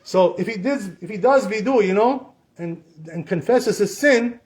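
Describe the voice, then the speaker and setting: High-voiced man teaching a casual Torah class. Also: moderate pace, a little mellow. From Sephardic Jewish community. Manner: conversational, repeats "you know" and acts out quotes.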